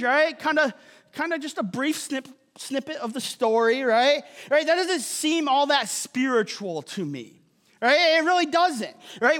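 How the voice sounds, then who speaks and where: A man's voice: very high-pitched, a bit bright. A man preaching a sermon as a pastor, conversational and joking, often checking in with the congregation by asking "right?". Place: church auditorium. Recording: long hall reverb.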